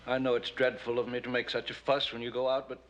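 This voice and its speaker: An actor playing a clinging, suspicious husband. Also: male voice, medium pitch, monotone, fast talker, slight background noise, lightly acted, low-quality recording. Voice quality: soft, possessive and needling. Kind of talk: 1960s television western acting.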